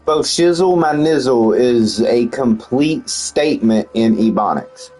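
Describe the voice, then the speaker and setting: Game streamer, a man with a husky voice and a lively swinging pitch, crude and joking. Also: unhurried, soft background music, poor audio. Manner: profane, joking, laughs often. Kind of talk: casual gameplay commentary.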